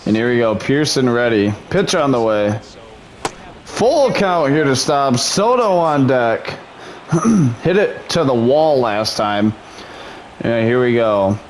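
A man's voice: medium pitch, animated, slow pace, slight background noise. A man doing mock broadcaster play-by-play over his own video game, slipping into muttered frustration between calls. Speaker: gaming YouTuber. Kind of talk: play-by-play commentary while gaming.

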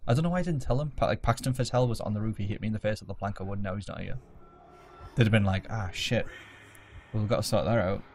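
A man's voice: lowish voice, very fast, darkish tone, slight background noise. A man playing a game at his home desk, joking, swearing and mocking himself as he plays. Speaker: let's play gamer. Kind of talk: casual gameplay commentary.

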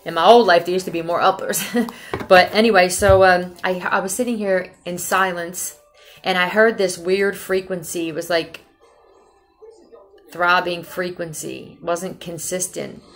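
A woman's voice: on the low side, fairly even intonation, measured pace, a little hiss or hum. A woman from Philadelphia giving a casual tarot reading, talking bluntly and with a lot of profanity, rambling from one thought to the next. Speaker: tarot reader.

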